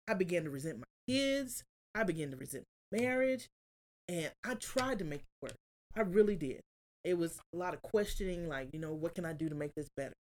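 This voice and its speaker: A woman telling an emotional personal story as a guest, earnest and confessional, close to tears. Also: lowish voice. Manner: earnest, confessional, often quotes herself.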